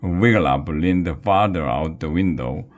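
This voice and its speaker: A man reading a children's book aloud, at times stumbling and restarting a word. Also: deep voice. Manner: slow, with small slips and restarts. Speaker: storybook reader.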